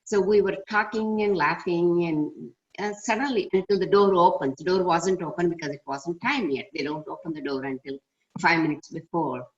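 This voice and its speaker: An older woman with a very low voice tells a personal story to a class, earnest and reflective. She is heard over a dull, lo-fi video call. She adds thoughtful asides as she goes. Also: moderate pace. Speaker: class participant. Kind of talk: personal anecdote in a group discussion.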